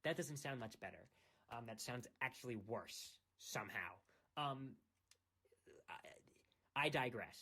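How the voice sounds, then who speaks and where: A man's voice: medium pitch, animated, unhurried, pauses often, bright, forceful tone. A young man from the United States, rambling in a self-mocking, teasing way, talking late at night into his phone microphone. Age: young adult. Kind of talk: casual rambling monologue.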